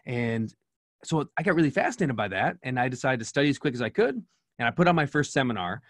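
A middle-aged man, appearing as a podcast guest, tells an earnest story in an interview, often restarting as he goes. He works as a speaker and coach, and his mid-range voice is animated, quick and fairly bright. The recording is dry and of studio quality.

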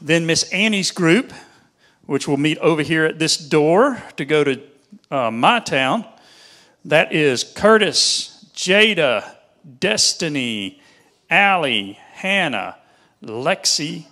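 A man's voice: fairly high pitch, pushed and bright. A man with a Southern US accent, a pastor reading out group lists to a church youth group in an upbeat, folksy way.

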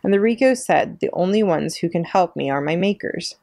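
A woman reading aloud, voicing a gentle, frail female robot who speaks in a measured, earnest way. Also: on the low side, lively intonation, no room sound, studio quality. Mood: calm, earnest.

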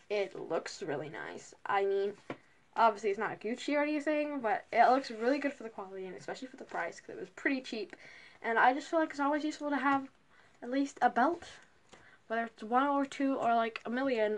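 A young woman, chatting casually and gushing through a haul video with lots of fillers. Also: on the high side. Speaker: vlogger.

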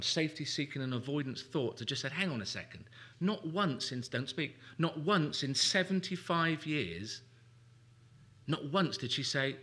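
A man's voice: medium pitch, fairly bright tone. A man presenting a live seminar workshop in a lecture room, talking emphatically, repeating key phrases and acting out anxious inner thoughts. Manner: emphatic, repetitive, acts out anxious inner voices.

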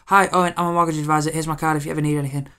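A woman's voice: low voice, flat delivery, racing, fairly bright tone, pitched above the performer's own voice. Young man mimicking a robotic chirpy saleswoman. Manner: stiff scripted sales patter. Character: pushy chirpy female mortgage advisor, robotic salesy.

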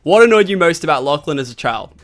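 A young Australian man with a slightly American-tinged accent, hosting a joking, excitable Q&A chat with his sister. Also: on the high side, fast talker, soft background music. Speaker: YouTuber host. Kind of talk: casual Q&A chat.

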